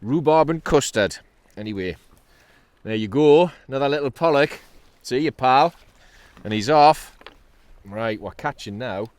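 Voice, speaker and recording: Here the Geordie kayak angler, a middle-aged man who hosts his own channel, speaks in an animated, medium-pitched voice, a little slow with long pauses and no echo. He cheerfully chats through his sea fishing trip in North East England style, breaking into laughs and exclamations.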